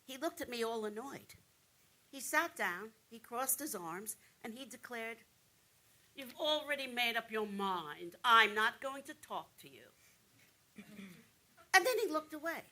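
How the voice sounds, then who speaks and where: An actress performs a frightened woman patient recounting a doctor who refused to treat her. Her voice is bright and forceful and pitched a little high. She turns from hushed to loud in one breath. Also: animated, measured pace, pauses often, heavily acted. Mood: indignant. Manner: indignant, swings from hushed whispers to loud outbursts. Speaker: stage actor playing a breast cancer patient. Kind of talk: theatrical monologue.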